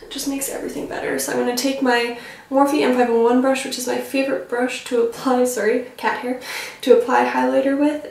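A young woman chats her way through a makeup tutorial, rambling with lots of filler and poking fun at herself. Her voice sits high, with a gravelly fry. She sounds a little away from the mic, in a very echoey room. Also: a little mellow, far from the mic. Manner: rambling, self-teasing, filler-heavy. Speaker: beauty vlogger.

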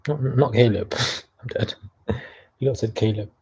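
A man's voice: mid-range voice, fairly even intonation, a little slow, dark tone, husky. A young man from Canada hosting a casual livestream, reading chat messages aloud and mocking people in a chatty way.

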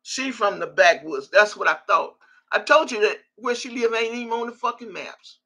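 A woman's voice: on the high side, lively intonation, normal speed, pushed and bright. A woman hosting a casual livestream and reading viewers' comments aloud, brash and profane, often laughing. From Texas. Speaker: livestream host.

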